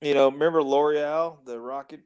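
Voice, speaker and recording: A man's voice: a little high, steady tone, moderate pace, a little mellow. A man from the United States hosting a casual podcast chat, rambling and laughing often. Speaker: show host.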